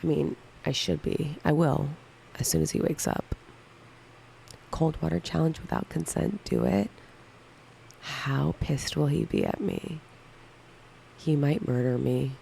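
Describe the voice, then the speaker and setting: Woman, thirties, very gravelly voice, dark and mellow tone, casual chat with viewers. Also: low voice, steady tone, measured pace, long pauses, slight background noise, low-quality recording. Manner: chatty, candid, answers viewer questions one by one. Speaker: livestream co-host. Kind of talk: casual chat answering livestream chat.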